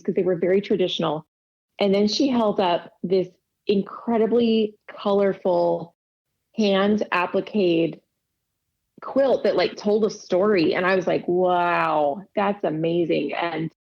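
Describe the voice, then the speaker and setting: A woman's voice: medium pitch, vocal fry. A woman casually telling stories in an interview, laughing often and acting out quoted dialogue. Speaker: podcast guest, quilter. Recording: dull lo-fi audio.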